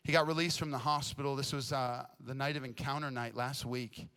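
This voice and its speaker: A young adult man preaching a sermon as a pastor, telling a story in a casual, energetic way and often repeating words. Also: mid-range voice, brisk, smooth. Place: church stage.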